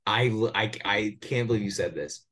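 A man co-hosting a casual podcast from his bedroom at home, delivering a joking sales pitch full of stammers and restarts. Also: normal speed, fairly bright tone. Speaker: podcast co-host.

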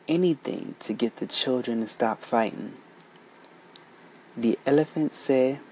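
A storyteller reading a folk tale aloud, unhurried and lilting, switching voices for each character. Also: mid-range voice, a little mellow, a little hiss or hum, rough recording.

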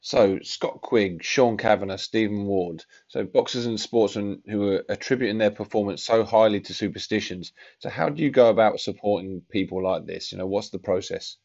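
Gravelly man asking interview questions. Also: lowish voice, normal speed, few pauses, a little mellow, dry recording. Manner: inquisitive, lists examples before asking. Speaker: podcast host. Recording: dull lo-fi remote sound.

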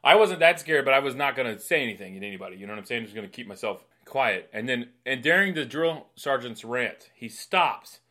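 A man with a bright, forceful voice telling a funny story on a podcast. He talks loosely and animatedly as a comedian co-host, slipping into acted-out voices as he goes. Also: mid-range voice, fairly quick, few pauses. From New York City. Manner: animated, acts out voices with laughs. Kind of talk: casual storytelling chat.

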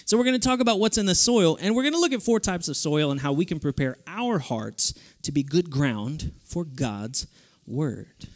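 A young man preaching a sermon to a youth group, lively and playful in his delivery. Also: on the high side, moderate pace. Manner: lively, playful, switches into goofy voices for stories. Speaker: youth speaker.

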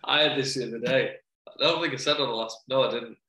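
A man's voice: mid-range voice, steady tone, quick pace, bright, forceful tone, roomy sound, rough recording. A man chatting casually about parenting, laughing often and acting out what people said. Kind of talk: casual chat.

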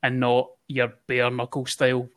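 A man's voice: mid-range voice, monotone, moderate pace, a bit bright. A man co-hosting a casual podcast chat, swearing freely and laughing at his own jokes. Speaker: podcast co-host.

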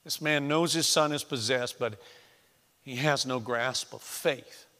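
A man preaching a sermon in a church, swinging between hushed, intimate lines and loud, emphatic ones. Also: mid-range voice, measured pace. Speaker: pastor. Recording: echoey church hall.

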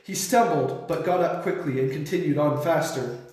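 A young man earnestly reading his own short story aloud, lifting his voice sharply for shouted lines. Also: on the high side, moderate pace. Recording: very echoey room.

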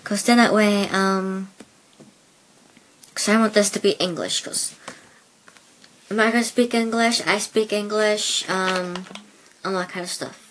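Slow, hesitant woman with Belfast-Plymouth accent. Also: medium pitch, fairly even intonation, a bit bright, a little hiss or hum. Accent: mixed Belfast and Plymouth. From Northern Ireland. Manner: hesitant, filler-heavy rambling. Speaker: podcast host. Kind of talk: casual solo podcast chat. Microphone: headset.

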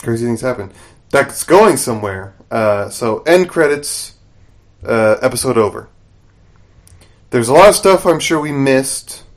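A podcast co-host with a mid-range voice takes an unhurried approach to a casual TV episode recap. His retelling is animated, and he acts out the characters' lines.

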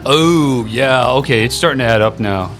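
A man's voice: medium pitch, normal speed, soft background music. A young man co-hosting a podcast, telling crude stories in a rambling, swearing, casual way. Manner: rambling, swearing, animated storytelling. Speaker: podcast co-host. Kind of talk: crude casual chat among friends.

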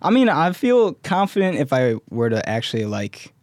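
Young male guest, average pitch, game and self-mocking learner, dry recording. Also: very animated, normal speed, a little mellow, no room sound. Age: young adult. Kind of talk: casual chat.

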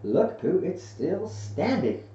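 A squeaky, timid little piglet from a storybook, as a male reader puts him on, pitched up high and lively. The sound is roomy and dull, picked up from some distance. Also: slow, full character voice. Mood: eager. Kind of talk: storybook reading.

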